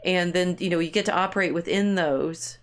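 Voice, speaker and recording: A woman with a somewhat low voice co-hosts a relaxed discussion podcast. She thinks aloud, restarting sentences and hedging as she works toward her point. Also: fairly quick. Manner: rambling, frequent restarts and hedges, laughs easily. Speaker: podcast co-host. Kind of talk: casual conversational discussion.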